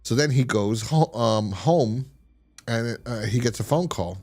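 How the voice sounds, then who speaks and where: A man's voice: mid-range voice, lively intonation, unhurried, darkish tone. Rambling man retelling a story. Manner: rambling retelling, many fillers and restarts. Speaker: podcast host. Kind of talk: casual review chat.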